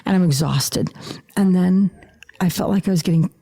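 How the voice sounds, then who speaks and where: A woman's voice: on the low side, moderate pace, vocal fry, warm tone, breathy edge. A middle-aged woman telling her personal story as a podcast guest, emphatic and dropping into whispered asides.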